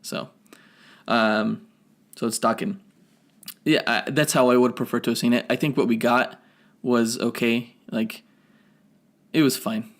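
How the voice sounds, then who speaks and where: In a steady, mid-range voice, a podcast co-host talks a little slowly and pauses often while casually reviewing a film. He rambles, corrects himself along the way, and offers nerdy detail.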